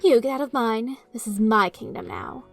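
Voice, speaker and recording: A smug male chaos spirit, put on by a woman, drawling in an exaggerated posh manner. He mocks and lingers over his words, pitched a little high, with faint music underneath. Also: normal speed, lightly acted. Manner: falsely posh, drawling, mocking.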